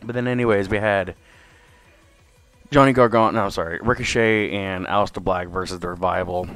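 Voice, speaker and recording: Over soft background music, a young wrestling podcast host talks a little fast in a low voice. His casual solo review rambles along, excitable and heavy with curse words and fillers.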